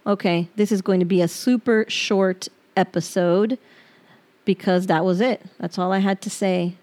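A middle-aged woman hosting a personal podcast, reading her own journal aloud. She talks in an open, reflective, halting way and gets choked up near tears. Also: medium pitch, fairly even intonation, a little mellow, soft background music. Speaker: podcast host.

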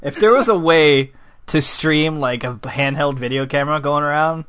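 A man hosting a casual stream chat, animated and laughing, often breaking into mock shouts. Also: fairly high pitch, moderate pace, no room sound, clean studio sound.

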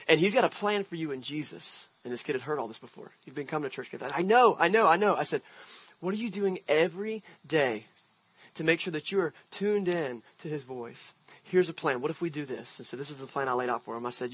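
A man's voice: mid-range voice, a bit bright, husky, poor audio. A man preaching an outdoor sermon as pastor, telling a personal story in a conversational way with emphatic swells. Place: outdoor park service.

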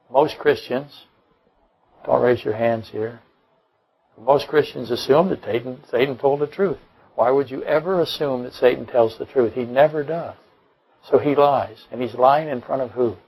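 Gravelly-voiced man preaching a sermon. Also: mid-range voice, a little mellow, poor audio. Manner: emphatic, rhetorical questions, dry jokes. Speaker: pastor. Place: church.

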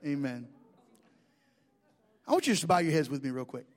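A man's voice: fairly high pitch, lively intonation, fairly quick. A middle-aged man, preaching a sermon in a folksy, joking storytelling way. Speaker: pastor.

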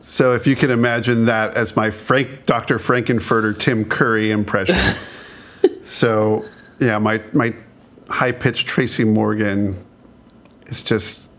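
A man's voice: lowish voice, fairly even intonation, slow pace, fairly bright tone. A married man co-hosting a podcast in casual chat, joking and self-deprecating with frequent restarts. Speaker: podcast co-host.

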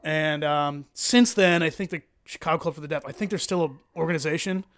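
A man guest on a podcast, telling a long story in a casual, animated way, swearing and laughing often. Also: a little high, fairly quick.

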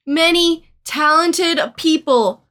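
A woman's voice: very high voice, takes it slowly, pushed and bright. A woman co-hosting a podcast, recapping a movie in casual, earnest chat full of "like" and "um". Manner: chatty, sprinkled with "like" and "um"; earnest and sentimental. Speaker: podcast co-host.

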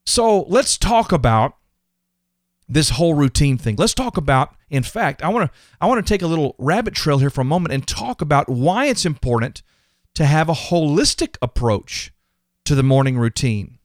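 A man's voice: a little high, very animated, moderate pace, dry recording, studio quality. A man hosting a motivational faith podcast, earnest and emphatic, often repeating his words. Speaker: podcast host.

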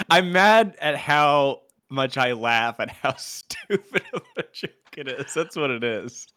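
A man's voice: mid-range voice, animated, takes it slowly, pushed and bright. A man co-hosting a podcast in casual comedic chat, tossing in wry quips and laughing easily. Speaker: podcast co-host.

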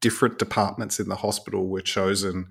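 A man, a radiologist guest on a podcast, telling stories in a relaxed, chatty way. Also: low voice, brisk, gravelly, husky. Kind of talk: casual podcast chat.

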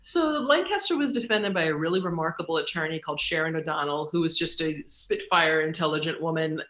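Bright, lively author telling stories. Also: medium pitch, a little fast, reverberant. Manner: lively, acts out quoted voices, laughs often. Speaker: author, interview guest. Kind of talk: animated storytelling in conversation.

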